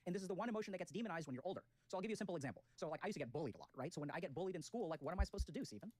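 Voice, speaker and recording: A man's voice: high-pitched, animated, rapid-fire, darkish tone, no echo. A man arguing his case in a casual debate, throwing rhetorical questions at the others. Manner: rhetorical, quizzes his listener.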